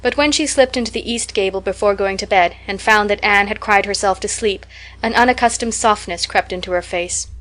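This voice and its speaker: A woman reading a classic novel aloud as an audiobook narrator, measured and expressive. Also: mid-range voice. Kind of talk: scripted narration.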